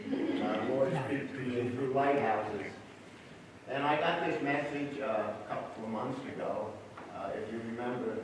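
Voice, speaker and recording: A man, a church elder, preaching a sermon in a folksy, gently humorous way, sharing stories. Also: mid-range voice, background noise. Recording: roomy church hall, distant mic.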